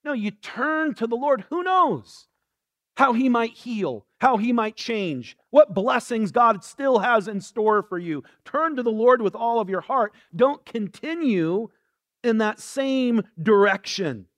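A man preaching a sermon in an earnest way, reading scripture softly and slowly. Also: very high-pitched, animated. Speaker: pastor.

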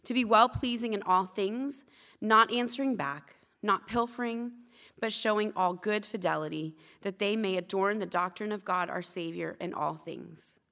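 A woman's voice: medium pitch, normal speed, pushed and bright. A woman in her thirties preaching at church, telling candid, self-deprecating stories between scripture teaching. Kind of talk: sermon.

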